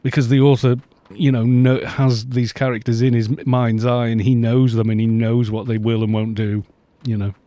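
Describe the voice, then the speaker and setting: A man's voice: mid-range voice, level tone, moderate pace, dark tone, no room sound. A middle-aged man chatting casually and rambling on a live game stream, laughing often.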